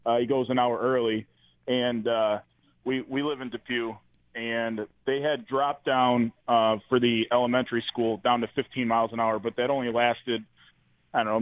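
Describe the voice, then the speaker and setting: A man calls in to a radio show, friendly but hesitant, filling gaps with ums and uhs. His mid-pitched voice comes through a tinny phone line. The sound is dry, with no room around it. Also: no room sound. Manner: hesitant, friendly, many fillers. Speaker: caller. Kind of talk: calling in to talk radio.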